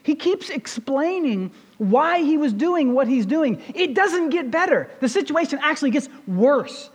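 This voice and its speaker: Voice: sits high, lively intonation, unhurried. A pastor preaching a sermon, retelling a scripture story in a conversational way and putting rhetorical questions to the congregation. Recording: long reverb of a large hall.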